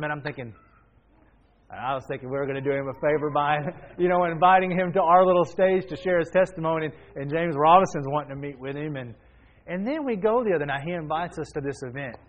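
A male pastor tells a personal story in a sermon, casual and conversational. His voice sits slightly high, and he often restarts his sentences as he talks. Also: brisk, lo-fi sound. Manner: casual and chatty, with frequent restarts.

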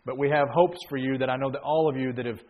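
A man's voice: mid-range voice, steady tone, fast, narrow, tinny audio. Thirties male pastor: conversational sermon delivery that rises to emphatic points, with frequent restarts. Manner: conversational storytelling that builds to emphatic preaching.

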